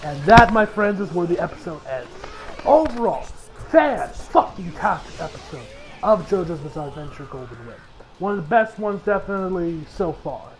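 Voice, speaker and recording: A man casually recapping an anime episode, excitable and profane, often acting out characters' lines. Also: sits high, normal speed, poor audio. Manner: excitable, swears freely, acts out characters' lines. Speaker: anime reviewer.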